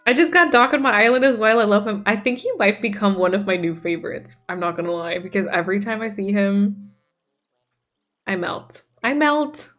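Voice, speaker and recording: A woman streamer keeps up casual chat while gaming, reading messages from chat and enthusing over the game. Her mid-range voice is brisk and somewhat bright.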